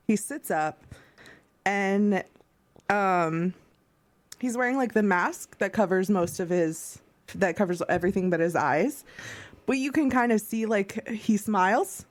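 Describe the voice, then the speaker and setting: A woman running a tabletop game as game master, narrating with frequent laughter and filler words. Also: on the low side. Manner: laughing, full of ums and likes.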